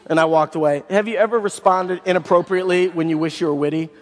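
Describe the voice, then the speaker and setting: A preacher man with a fairly high voice delivers his sermon with animation, swinging between loud bursts and near-whispers. His words carry a long reverb tail through a large church hall. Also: fairly even intonation, fast. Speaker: pastor.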